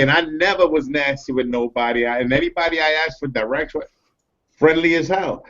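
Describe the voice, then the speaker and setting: A man's voice: a little high, fairly quick, a bit bright. A man from New York chatting casually on a group call, loose and repetitive, tossing "bro" into most sentences. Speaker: collector on a group video chat. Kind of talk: casual chat. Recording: dull lo-fi web call audio.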